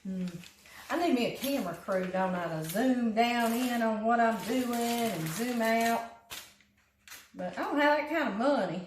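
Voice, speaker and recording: A woman's voice: fairly high pitch, measured pace, roomy sound, a little hiss or hum, poor audio. A woman with a Southern accent, hosting a home cooking show in casual, folksy chat and laughing often. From Louisiana. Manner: chatty, folksy, laughs often, calls food "him". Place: home kitchen.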